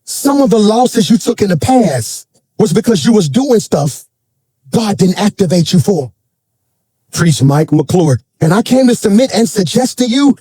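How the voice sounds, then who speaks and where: A man preaching a sermon to a congregation in church, swinging between shouted, sing-song lines and folksy, colloquial storytelling with asides. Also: high voice, lively intonation, a little slow, husky, dry recording. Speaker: pastor.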